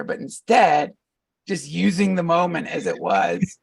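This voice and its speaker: Male podcast guest, gravelly and husky, slightly high-pitched, rambling storyteller, recorded a little off-mic in a dry room. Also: a little slow, no echo, far from the mic. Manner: rambling, animated storyteller with frequent fillers and laughs. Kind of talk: casual storytelling conversation.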